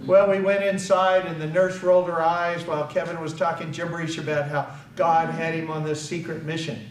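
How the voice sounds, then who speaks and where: A man's voice: on the high side, level tone, fairly quick. An older man giving a public speech at an awareness event, telling a personal story and acting out the quoted dialogue with emphasis. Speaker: invited speaker at an awareness event. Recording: echoey hall, picked up from far off, faint background noise.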